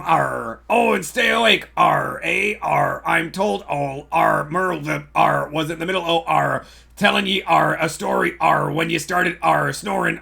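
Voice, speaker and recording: A man's voice: a little high, vocal fry, bright, forceful tone, husky, pitched above the performer's own voice, full character voice. A man voicing a boisterous male pirate sailor who growls "arr" after every phrase, reading game dialogue aloud.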